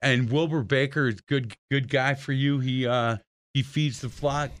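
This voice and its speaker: A man hosting a radio sports and faith show in casual interview style, talking with warm laughs and many stumbling restarts. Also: medium pitch, fairly even intonation, measured pace, dry recording, studio quality.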